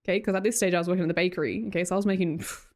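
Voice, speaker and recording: A woman's voice: lowish voice, steady tone, racing. An Australian woman chatting casually and rambling with her live viewers from her home streaming room, laughing often. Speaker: livestreamer.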